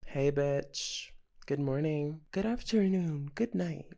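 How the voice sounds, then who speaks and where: A man's voice: on the high side, expressive, slow pace, creaky, dark tone. A young man hosts his own podcast alone, venting without a script in a theatrical, self-mocking way. He swears freely and piles on the drama with a wry edge. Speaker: podcast host. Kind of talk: casual solo podcast rant.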